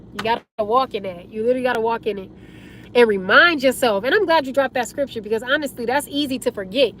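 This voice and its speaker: A young woman chats to her viewers in a high, hoarse voice that is wearing out, turning raspy. She talks in an emotional, preachy way, calling everyone y'all, with a faint hum of background noise behind her. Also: a bit bright. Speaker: vlogger. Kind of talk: casual storytime talk to viewers.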